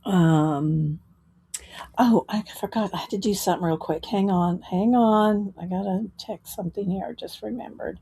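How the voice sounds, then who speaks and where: This woman's mid-range voice is mellow, with a slight roughness to it. She hosts a relaxed livestream, welcoming viewers by name and chatting at a slow, rambling pace full of fillers and little laughs.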